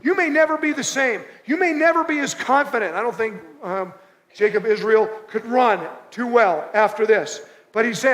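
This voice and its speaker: In a church auditorium with a long, echoing reverb, a man delivers a sermon in a very high-pitched, fairly bright voice at a moderate pace. The pastor keeps it conversational and drives his points in through repeated short phrases.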